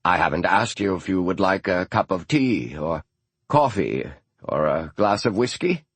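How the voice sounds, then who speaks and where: A man narrating an audiobook, voicing an older male scholar who speaks softly and sounds strained and guarded. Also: low-pitched, lively intonation, measured pace, husky, no echo, heavily acted. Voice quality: soft-spoken, tense.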